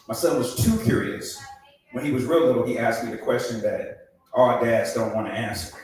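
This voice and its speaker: A man's voice: mid-range voice, very animated, unhurried, pauses often, very echoey, distant mic, rough recording. A middle-aged man performing a stand-up comedy set, acting out voices and laughing at his own jokes.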